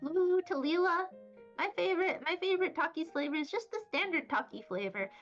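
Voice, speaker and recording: High, lively young woman streamer. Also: a little fast. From Wyoming, USA. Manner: rambling, silly and playful. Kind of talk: casual chat, reading chat messages. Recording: slightly dull audio with faint background music.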